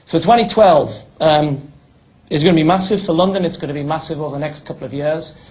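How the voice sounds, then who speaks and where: A man's voice: a little high, a little fast, darkish tone, rough recording. A middle-aged British man, a former athlete and broadcaster, giving a chatty public talk full of anecdotes. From United Kingdom. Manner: chatty, restarts, tells stories.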